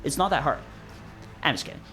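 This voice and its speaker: A man's voice: on the high side, lively intonation, fast talker, bright, forceful tone, soft background music. A man hosting a let's play, giving casual commentary while reading a visual novel, joking and rambling with frequent restarts.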